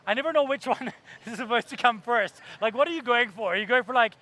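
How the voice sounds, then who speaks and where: A man's voice: extremely high pitch, fast, bright, forceful tone. A man giving a keynote talk at a conference, telling stories with acted-out voices and laughter. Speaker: keynote speaker.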